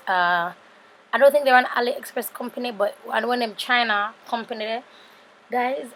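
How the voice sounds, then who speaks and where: A woman's voice: mid-range voice, a bit bright, a little hiss or hum. A woman in her thirties with a Jamaican accent, tired and sleepy, chatting casually through a makeup tutorial voice-over with rambling asides to her viewers. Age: 30s. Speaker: beauty vlogger.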